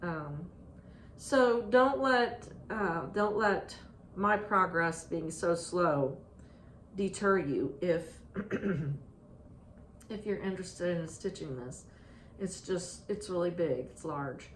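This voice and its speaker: A woman chatting casually about her stitching projects, halting and restarting often with ums. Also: lowish voice. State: out of breath. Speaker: stitching vlogger. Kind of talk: casual show-and-tell chat. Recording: echoey room, faint ambient noise.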